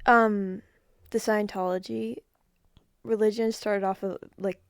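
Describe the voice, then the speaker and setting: A woman's voice: medium pitch, level tone, takes it slowly, creaky, clear, resonant tone, no echo, studio quality. Blunt, teasing teenage girl. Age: teens. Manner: blunt, teasing, easily distracted. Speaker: guest, host's daughter. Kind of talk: casual chat.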